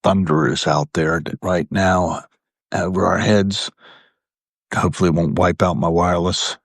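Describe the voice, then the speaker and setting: A man's voice: low voice, fairly even intonation, moderate pace, gravelly, breathy edge, no echo, clean studio sound. A man, hosting a live video and telling rambling personal stories, often correcting himself. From Virginia, US. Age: 60s. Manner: meandering, self-correcting. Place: indoor room in an old building.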